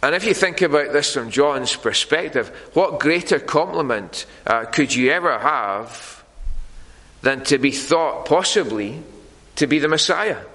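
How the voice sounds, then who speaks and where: A man preaching a sermon in a church, earnest and deliberate, pausing often on fillers. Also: fairly high pitch, expressive, pushed and bright, big-room sound, rough recording.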